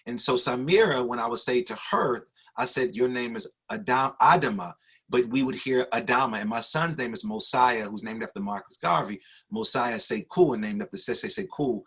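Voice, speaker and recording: Male podcast host, bright forceful tone, playful and teasing, in a studio. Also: mid-range voice, moderate pace, hardly any pauses, breathy edge. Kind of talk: casual interview chat. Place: recording studio.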